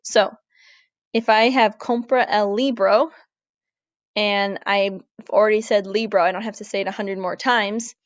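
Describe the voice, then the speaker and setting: A woman teaches a recorded grammar lesson in a clear, deliberate voice, slowing down to model each word. Her pitch sits in the middle for a woman. The sound is dry and close. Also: fairly even intonation, no echo, muffled recording. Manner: clear, deliberate, slows down to model Spanish words. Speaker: Spanish teacher. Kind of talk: recorded classroom lesson over slides.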